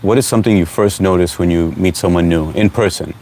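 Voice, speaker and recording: A man hosting a casual live stream, reading out viewer comments and greeting people by name in a relaxed, chatty way. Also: low voice, a little fast. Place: at home.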